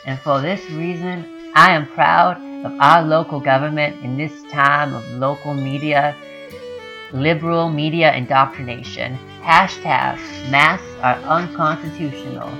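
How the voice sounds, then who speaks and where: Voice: medium pitch, fairly even intonation, unhurried, bright, forceful tone, highs cut off, faint music behind. A podcast host reading a small-town Texan mother's online post aloud, mock-solemn, in a put-on accent. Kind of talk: comedic reading of a social media post.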